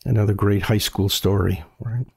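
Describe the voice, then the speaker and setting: An older man, the host's father, telling a story from his high school days in an animated way, jumping up in pitch when he quotes people. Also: moderate pace, creaky, slightly rough. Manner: animated, acts out quotes in a raised voice. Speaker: guest storyteller. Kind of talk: casual storytelling.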